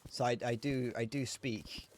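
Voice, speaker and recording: A young man with a southern English accent, chatting casually while streaming a game and answering chat, muttering low to himself between brighter, self-deprecating replies. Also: fairly even intonation, unhurried. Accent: British, southern English. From England. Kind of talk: casual gameplay chat reading chat aloud. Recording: faint background noise and clicks.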